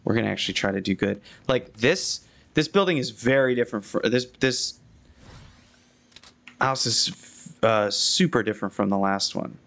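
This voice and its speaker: Excitable man critiquing game architecture live. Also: moderate pace, gravelly. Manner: chatty and excitable, with frequent restarts and sudden high exclamations. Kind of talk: live gameplay commentary.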